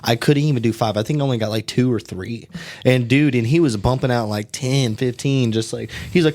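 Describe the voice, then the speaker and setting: A man in his twenties hosts a casual podcast, telling stories in an animated way. He swears heavily and keeps saying "bro" and "dude", speaking at a medium pitch and a brisk pace.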